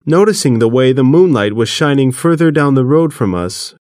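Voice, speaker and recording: A man reading an audiobook in the first person, measured and earnest, recorded close to the mic. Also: medium pitch, expressive, darkish tone, no room sound. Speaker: audiobook narrator. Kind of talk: first-person scripted narration.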